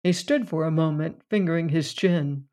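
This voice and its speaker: A narrator reading a story aloud at a measured pace. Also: medium pitch, a little mellow. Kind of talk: audiobook narration.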